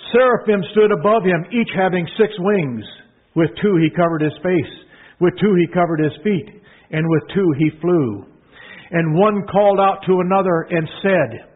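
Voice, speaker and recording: A man preaching a sermon, emphatic, repeating phrases and swinging from hushed to loud proclaiming. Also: high voice, husky. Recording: tinny phone-like sound.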